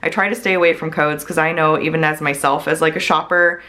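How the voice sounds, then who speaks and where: A woman's voice: deep voice, steady tone, quick pace, bright, forceful tone. A woman in her thirties chatting casually to her viewers, gushing and laughing, with filler words all through and a throat strained from coughing. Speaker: small business owner and host. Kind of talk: casual chat.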